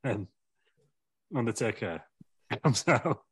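A man's voice: medium pitch, lively intonation, slow, husky, no echo. A man telling a rambling comic wrestling story, laughing through his own jokes. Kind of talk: comedic storytelling.

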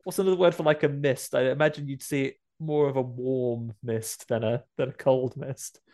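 A man's voice: mid-range voice, fairly even intonation, normal speed, mellow. Laughing man in casual banter. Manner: jokey, laughs often. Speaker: podcast co-host. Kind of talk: casual chat.

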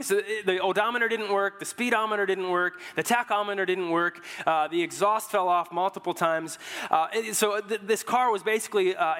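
A man's voice: fairly high pitch, bright, forceful tone, long reverb tail. A young man preaching a sermon as pastor, telling stories in a loose, joking way through a headset mic. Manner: storytelling, informal and joking. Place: church hall.

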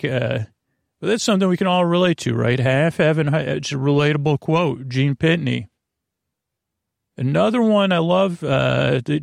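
A man hosting a comedy podcast, rambling through a halting monologue full of fillers and restarts, crooning quoted lines slowly. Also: medium pitch, vocal fry, no echo, studio quality.

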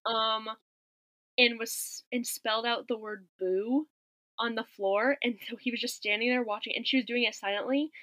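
A podcast co-host recounts a movie one scene at a time, wry and chatty, quoting the characters. Her voice runs on the high side with a steady tone, a bit bright, at a moderate pace. No room sound is audible, but the audio quality is poor.

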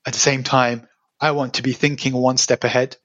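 A man's voice: medium pitch, little pitch movement, moderate pace, fairly bright tone, no room sound, dull audio. A man speaking as a guest in a casual podcast chat, thoughtful and a little hesitant, often repeating words as he starts.

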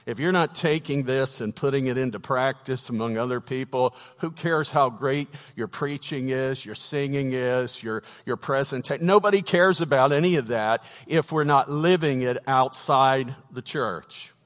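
A man's voice: medium pitch, moderate pace, few pauses, a bit bright. A man preaching a sermon, telling a folksy story with humorous asides to his congregation. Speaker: pastor. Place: church sanctuary. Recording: long reverb of a church hall.

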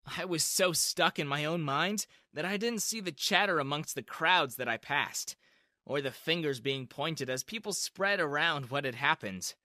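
A man reading a first-person story in a lively, expressive way. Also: fairly high pitch, normal speed, no room sound, clean studio sound.

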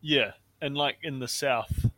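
A man's voice: mid-range voice, steady tone, measured pace, bright, forceful tone, dry recording. A young man co-hosting a casual podcast chat, joking and often trailing off mid-sentence. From New Zealand. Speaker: podcast co-host.

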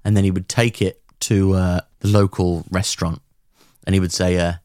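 A man's voice: low-pitched, level tone, moderate pace, darkish tone, smooth, no echo, clean studio sound. A man co-hosting a comedy podcast, rambling and jokey with lots of restarts. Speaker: podcast co-host. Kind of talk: comedic casual chat.

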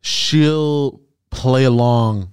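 A man's voice: mid-range voice, very slow, a little mellow, clean tone, dry recording. A man talking as a guest in a casual podcast chat, hesitant and often restarting his sentences.

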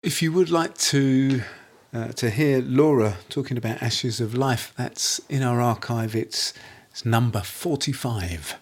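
A man's voice: mid-range voice, unhurried, breathy edge. Male podcast co-host, friendly and encouraging, casual. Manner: friendly, encouraging, tentative questions.

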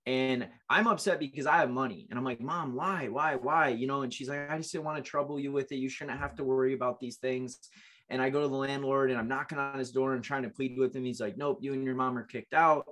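A man in his late twenties tells his own story to an interviewer. He speaks earnestly and with feeling, often repeating a word as he restarts. His voice sits at an ordinary middle pitch. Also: fairly even intonation, brisk, a bit bright. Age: late 20s. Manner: earnest, emotional, with frequent restarts. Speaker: guest.

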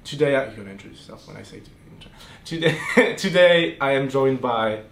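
A man's voice: mid-range voice, animated, a little fast, a bit bright. A man hosting a podcast, bantering playfully and laughing often. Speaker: podcast host. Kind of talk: casual banter. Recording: echoey room, faint background hiss.

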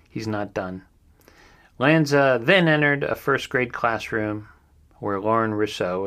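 A man's voice: lowish voice, a bit bright. A middle-aged man hosting a true crime recap, speaking somberly and steadily with fillers and personal asides. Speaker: podcast host.

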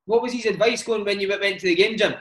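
A man hosting an interview, prompting his guest with quick, jokey questions. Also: high voice, a bit bright, rough recording. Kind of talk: casual interview.

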